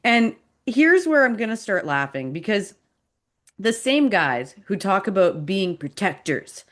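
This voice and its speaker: A woman hosting a podcast, giving a sarcastic, animated commentary monologue. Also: medium pitch, a little slow. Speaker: podcast host.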